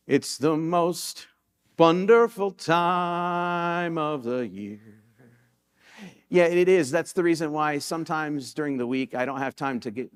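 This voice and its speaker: A male pastor giving a sermon in a church, telling stories in a relaxed, conversational way and repeating key points for emphasis. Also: mid-range voice. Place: church sanctuary.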